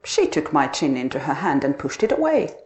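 A woman narrating a dark first-person literary story, expressive and dramatic. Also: low-pitched, fairly quick.

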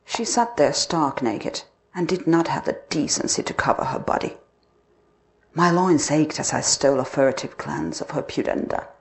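A woman narrating a dark first-person literary story, expressive and dramatic. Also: low-pitched, normal speed, creaky.

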